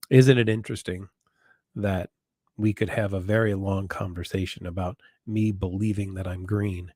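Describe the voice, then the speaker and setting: Man with a lowish voice, psychologist taking live questions, earnest and repetitive, deliberate on key points, dry room. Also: darkish tone, no echo. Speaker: psychologist answering viewer questions. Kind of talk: live online Q&A advice.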